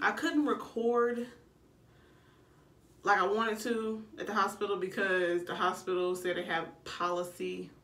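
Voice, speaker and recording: Swearing young woman, echoey room. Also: mid-range voice. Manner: blunt, swears freely, animated retelling. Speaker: vlogger. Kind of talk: casual storytelling to camera. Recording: echoey room, a bit far from the mic.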